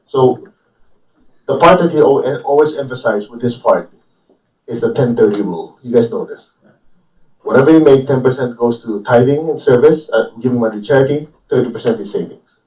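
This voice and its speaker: A man's voice: medium pitch, a little fast, darkish tone. A man giving an informal, joking spiritual talk to a group, often checking in with the audience with questions. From Chinese family. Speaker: spiritual teacher. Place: room with a live audience. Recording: distant, roomy, dull live recording.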